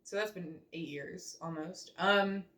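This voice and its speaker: A woman's voice: lowish voice, unhurried, fairly bright tone. A young woman rambling chattily in a casual reaction vlog, full of fillers and self-mockery. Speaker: vlogger.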